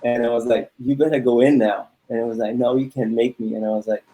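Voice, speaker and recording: A man tells a story among friends. His voice is mellow and dark. He halts often, repeats words and laughs between lines. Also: medium pitch, fairly even intonation, fast, few pauses, low-quality recording. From Germany. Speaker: panel guest. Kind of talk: casual storytelling chat.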